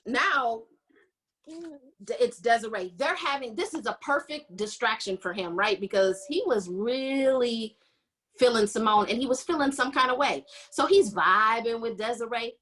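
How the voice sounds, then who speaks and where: A woman hosting a podcast, casually recapping a romance novel and acting out the characters' lines with animated storytelling. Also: on the high side, normal speed. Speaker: podcast host. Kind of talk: casual book recap chat.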